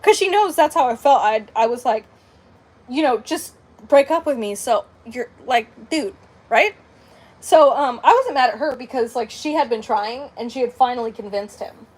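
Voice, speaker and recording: A woman's voice: a little high, moderate pace, slightly rough. A woman in her late twenties telling a personal story in casual, rambling chat, full of "like" and "um". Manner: rambling, heavy on "like" and "um", with animated quoted dialogue. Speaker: crafting channel host.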